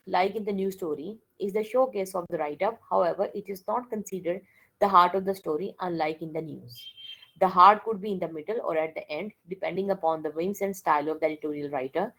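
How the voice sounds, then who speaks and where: A woman's voice: on the low side, rough recording. A woman giving a classroom lecture, mixing languages and often checking with "okay?". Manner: code-switches and keeps checking with "okay?".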